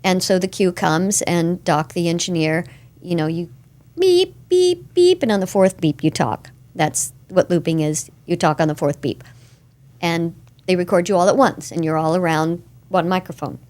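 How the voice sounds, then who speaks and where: A woman voice actress being interviewed, telling animated stories from her career in a casual chat. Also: lowish voice, normal speed. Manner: animated storyteller, slips into character voices. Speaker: voice actress guest.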